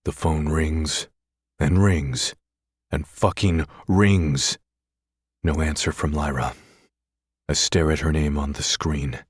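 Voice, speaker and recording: Guy reading a romance audiobook, really deep voice, brooding, dry close sound. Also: fairly even intonation, takes it slowly, pauses often, slightly rough, no echo. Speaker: audiobook narrator. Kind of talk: first-person romance audiobook narration.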